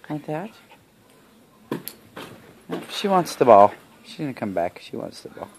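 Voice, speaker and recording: A woman filming her dog at home, narrating in hushed whispered asides and coaxing the dog in a fond, questioning tone. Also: low voice, very animated, unhurried, long pauses. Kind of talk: casual home video narration. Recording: noisy home video.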